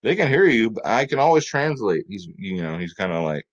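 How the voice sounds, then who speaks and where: A man's voice: on the low side, sing-song, brisk, lo-fi sound. A man hosting a fantasy sports picks video, talking in a hyped, chatty, salesy way.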